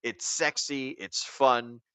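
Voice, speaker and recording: A young man hosts a loose late-night stream, voice bright and forward. The sound is dry and close to the mic, with no room around it. He rambles, swears freely and keeps laughing. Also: mid-range voice, fairly even intonation, slow, clear, resonant tone, no echo. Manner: rambling, profane, laughing often. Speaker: stream host.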